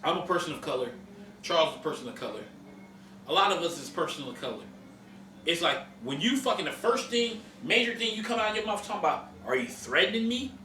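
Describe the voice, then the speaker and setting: A man's voice: on the high side, expressive, fast talker, sharp tone, echoey room, distant mic, a little hiss or hum. A man hosting a podcast, ranting in heated casual chat, profane and emphatic. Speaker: podcast host.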